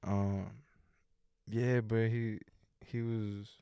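A young man telling a story in casual chat, animated, swearing freely and acting out quotes loudly. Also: fairly low pitch, extremely slow, clear, resonant tone, no room sound, clean studio sound.

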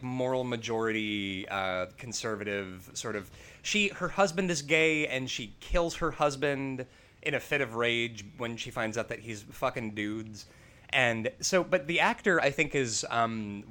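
A man co-hosting a relaxed film podcast, talking in long, rambling runs and swearing casually. His voice is bright and clear, and his pitch moves a lot. He sounds animated and chatty. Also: unhurried. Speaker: podcast co-host. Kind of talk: casual film review chat.

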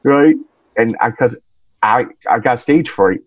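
A man's voice: mid-range voice, a little slow, breathy edge, no echo. Hesitant male podcast guest, dull sound. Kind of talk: casual podcast chat.

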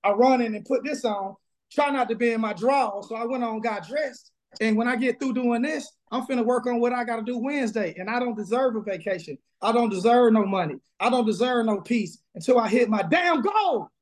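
Man, Southern pastor, high-pitched, emphatic and blunt, remote interview. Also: a little fast. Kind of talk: casual interview, preaching energy. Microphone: video call.

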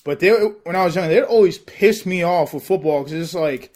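A man as a podcast guest in casual chat, excitable and laughing often, calling the host bro. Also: sits high, moderate pace.

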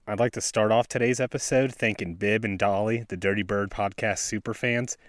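A man with a West Virginian accent hosts his podcast from a snowy forest, talking in a laid-back, self-deprecating way. His voice sits on the low side. It is recorded close and dry, with little room sound. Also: fairly even intonation, a little fast, no room sound. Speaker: podcast host. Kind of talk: casual outdoor podcast talk. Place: snowy forest outdoors by a stream.

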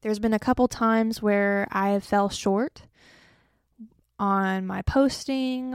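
A young woman hosts her own podcast, chatting casually alone and poking fun at herself with joking asides, worn out after an early start. Her medium-pitched voice is gravelly yet clean, recorded in a studio with no room sound.

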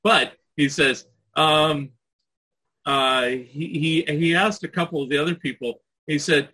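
A man's voice: on the high side, steady tone, a little slow, bright, forceful tone, rough recording. A man telling a rambling anecdote in casual chat, full of "you know" and small laughs. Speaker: podcast guest.

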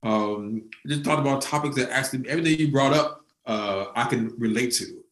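A man's voice: mid-range voice, normal speed, fairly bright tone, roomy sound, rough recording. A man hosting an interview, chatting in a friendly, rambling way and showing appreciation for his guest. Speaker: host. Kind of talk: conversational interview.

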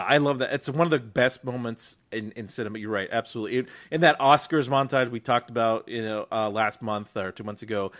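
A man's voice: fairly low pitch, fairly bright tone. A man co-hosting a film podcast, chatting casually and emphatically with frequent restarts. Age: young adult or middle-aged, a father. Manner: enthusiastic, emphatic, many restarts. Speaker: podcast co-host.

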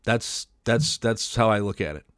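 A man's voice: on the low side, normal speed, a bit bright, dry recording, studio quality. A man hosting a casual interview, reminiscing and asking questions.

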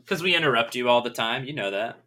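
A man with a bright, sharp voice trading jokes on a podcast. His pitch swings widely as he teases the host. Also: animated, fast. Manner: bantering, laughs a lot. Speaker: podcast guest. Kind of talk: casual podcast chat.

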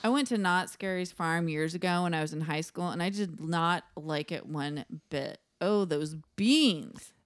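A woman's voice: fairly low pitch, unhurried, few pauses, no echo, studio quality, natural voice. A woman reading the part of a chatty, giggly HR interviewer in a comedy sketch read aloud. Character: chatty female HR interviewer, eager.

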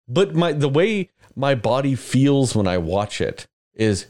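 With a mid-range voice, a slightly fast pace and few pauses, a man co-hosts a podcast in casual conversation. He's animated and profane, making fun of himself about his favorite films.

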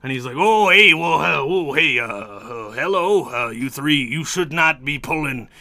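A man's voice: fairly high pitch, lively intonation, measured pace, sharp tone, heavily acted. A man doing a flustered stammering pirate. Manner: hesitant, stammering fillers. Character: flustered male pirate, scolding.

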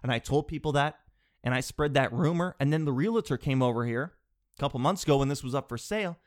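A man with a cold, sniffling as he rambles through an animated, digressive comic monologue from his home office. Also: mid-range voice, fast. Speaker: vlogger.

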